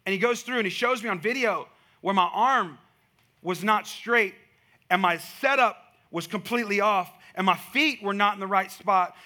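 Bright, high-voiced man preaching. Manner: animated storytelling with rising emphatic climaxes. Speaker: pastor. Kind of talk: sermon.

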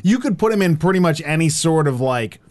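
A man's voice: on the high side, expressive, brisk, darkish tone. A man co-hosting a gaming podcast, rambling with lots of likes and mocking himself. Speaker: podcast co-host. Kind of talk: casual chat.

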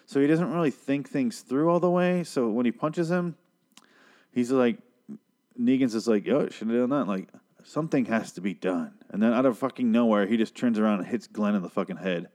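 A man's voice: medium pitch, normal speed, darkish tone. A young man casually recapping a TV episode in a rambling, profane, sarcastic way. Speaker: TV show reviewer.

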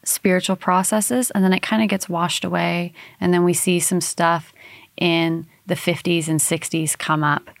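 A woman's voice: on the low side, moderate pace, gravelly, no echo. A woman guest who works in hypnotherapy, chatting casually and telling stories with lots of fillers and restarts. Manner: animated storytelling, many fillers and restarts. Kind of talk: casual conversation.

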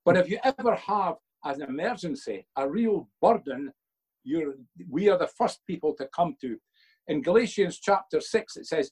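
A man's voice: sits high, animated, normal speed, a little mellow, slightly rough, rough recording. An older man, a father being interviewed by his son for a church video, telling earnest stories and quoting himself with emphasis.

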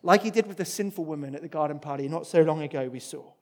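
A man preaching a sermon, expressive, moving between loud emphatic passages and hushed ones. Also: a little high, quick pace.

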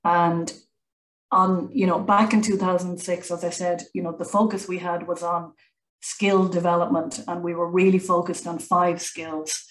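Chatty woman, low and flat. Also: normal speed, reverberant, poor audio. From Ireland. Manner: chatty, self-deprecating, many fillers and restarts. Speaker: guest, college founder. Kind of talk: conversational interview.

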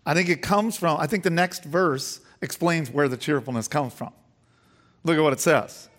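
A man's voice: lively intonation, normal speed, fairly bright tone, in a large hall. A male pastor preaching a sermon to his congregation. He asks the congregation questions, restarts phrases, and builds emphatically as he goes. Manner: emphatic preaching that rises in pitch and volume as he builds. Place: church sanctuary with long reverb.

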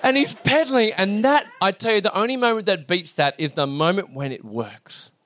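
A man, telling a story to an audience in an animated way, acting out the voices of others. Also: high-pitched, normal speed, no room sound. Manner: animated, acts out dialogue, lots of fillers and restarts. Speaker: speaker addressing an audience. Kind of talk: storytelling talk to a live audience.

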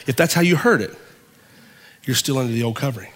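A male pastor preaching a sermon, with dramatic pauses and swings from loud to hushed. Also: medium pitch, long reverb tail.

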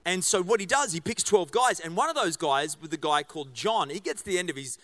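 A man's voice: high voice, animated, a little fast, a bit bright. A middle-aged man, a pastor giving a casual sermon in a church, chatty and joking, with many fillers and restarts. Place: church auditorium.

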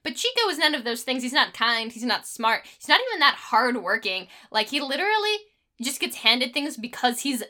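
A woman's voice: high-pitched, very animated, normal speed, sharp tone. A woman in a casual film discussion, criticizing a movie with sarcasm and frequent fillers. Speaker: podcast co-host.

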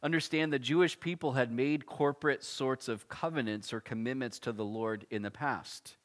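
A man preaching an expository sermon, reading scripture and explaining it in a casual, animated way with asides. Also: mid-range voice. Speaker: pastor.

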